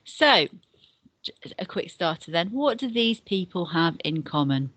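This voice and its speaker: A woman with a notably low voice talks pupils through a beginner lesson. She explains patiently, repeating and spelling things out step by step. Her voice sounds close and dry, with no room echo. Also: big pitch swings, unhurried, a bit bright. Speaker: deputy head and Spanish teacher. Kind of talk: recorded classroom lesson for beginners.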